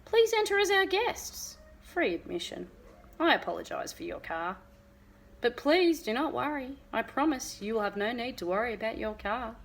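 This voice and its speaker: A woman reading aloud and voicing a gruff, creepily polite male monster in a costume. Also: extremely high pitch, big pitch swings, moderate pace, a bit bright, full character voice, poor audio.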